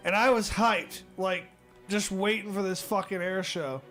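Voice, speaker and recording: High-voiced man ranting a profane story. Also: normal speed, soft background music. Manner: profane, animated, exasperated storyteller. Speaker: streamer.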